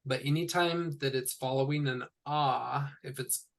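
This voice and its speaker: A man teaching a one-on-one language lesson, patiently explaining sounds and repeating each word slowly. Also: mid-range voice, steady tone, creaky. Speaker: Hebrew teacher. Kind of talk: tutoring session.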